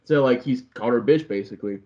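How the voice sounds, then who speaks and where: A man's voice: medium pitch, quick pace, mellow. Young male co-host, loose rambling storyteller, swears a lot, slightly muffled recording. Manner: rambling, profane, acts out quotes with voices. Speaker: podcast co-host. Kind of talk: casual chat recapping a reality show. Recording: slightly dull lo-fi podcast audio.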